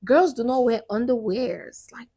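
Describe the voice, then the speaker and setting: A woman's voice: on the high side, measured pace, gravelly, warm tone, breathy edge. A woman vlogger giving casual, direct dating advice and often checking in with "okay". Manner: chatty and direct, peppers lines with "okay". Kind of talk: casual advice talk to camera.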